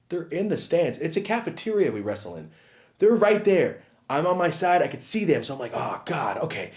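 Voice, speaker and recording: A young man tells a comic story from his school days with a very lively pitch that rises and falls across his lines. He acts out quoted lines with sudden jumps in pitch and volume, at an ordinary middle pitch for a man. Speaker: comedian telling a story. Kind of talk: animated comedic storytelling.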